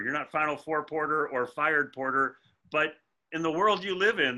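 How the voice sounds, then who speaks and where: Male interviewer, very bright sharp tone, chatty, asks long winding questions. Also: on the high side. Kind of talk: casual interview talk.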